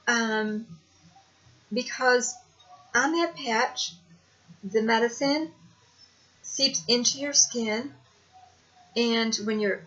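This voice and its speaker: A video blogger tells a personal story to the camera, rambling conversationally and hesitating as she goes. She has a fairly high, slightly bright voice, captured in a dull lo-fi home recording.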